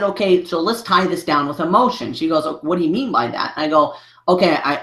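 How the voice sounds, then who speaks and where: A man's voice: on the high side, a bit bright. A man, a business coach, telling a story in a podcast interview, rambling with many restarts and filler phrases. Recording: roomy echo.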